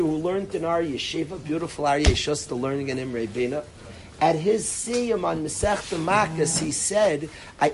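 A man's voice: a little high, creaky, a little hiss or hum. A man, a rabbi, giving an informal lecture to a class of students, talking emphatically, repeating words and restarting as he turns to address them directly.

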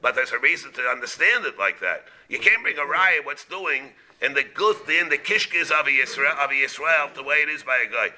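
Bright-voiced rabbi giving a Talmud class. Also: male voice, on the high side, animated. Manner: halting, repeats words, mixes Hebrew and Aramaic terms into English.

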